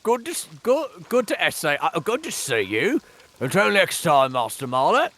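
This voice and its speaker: A man's voice: on the high side, huge pitch swings, moderate pace, fairly bright tone, exaggerated voice. A man doing a chatty charcoal burner. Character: friendly male forest charcoal burner. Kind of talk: live voice-over of a game.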